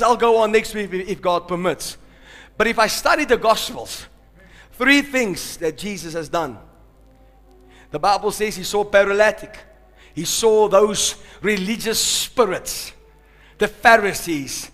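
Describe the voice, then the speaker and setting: A male pastor preaching a sermon, swinging from hushed, slow lines to loud shouted peaks, and calling out to the congregation. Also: high-pitched, lively intonation, soft background music. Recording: long hall reverb.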